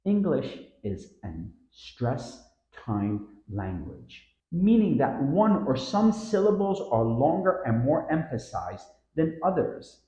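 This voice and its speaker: This pronunciation teacher, very animated and dark in tone with a mid-range voice, narrates a scripted lesson. He models words slowly, drawing them out and stressing syllables, on a reverberant, lo-fi recording.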